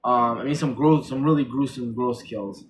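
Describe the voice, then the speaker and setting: A man reviewing a horror film in casual chat, retelling the plot excitedly with many restarts and corrections. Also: medium pitch, normal speed, slight background noise.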